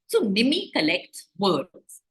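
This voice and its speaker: A woman's voice: mid-range voice, slow. A woman author telling a story to children over a video call, stopping often to ask them questions. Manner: animated, asks the children questions.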